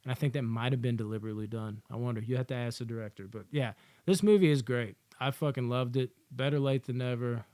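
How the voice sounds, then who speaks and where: A man's voice: mid-range voice, fast, hardly any pauses, dark tone, no room sound. Rambling, profane male movie reviewer. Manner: rambling, profane, candid, lots of fillers. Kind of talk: casual spoken movie review.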